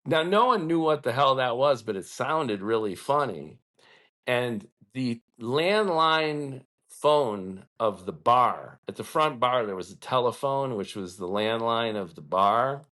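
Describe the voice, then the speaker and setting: A man's voice: mid-range voice, lively intonation, a little slow, a bit bright. Podcast host, man, blunt and profane, casual ranting storyteller.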